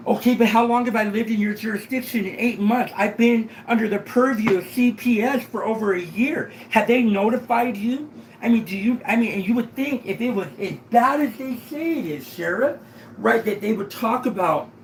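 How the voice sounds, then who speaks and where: A man's voice: high-pitched, moderate pace, roomy sound, slight background noise, rough recording. A man making a rambling complaint to a sheriff, often asking "right?" to check he is followed.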